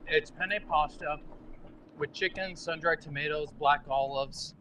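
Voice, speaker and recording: A man's voice: on the high side, steady tone, measured pace, pushed and bright, a little hiss or hum. A man playing golf on a livestream, talking through his shots in a matter-of-fact, dry way, with casual swearing. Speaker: golfer on a livestream. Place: outdoors on a golf course.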